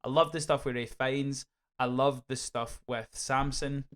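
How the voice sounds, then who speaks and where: A Scottish man co-hosting a casual film podcast. He talks in animated bursts, swears freely and often restarts his sentences. His voice sits at an everyday middle pitch. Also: a little slow, clear, resonant tone. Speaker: podcast co-host. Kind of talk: casual film review chat.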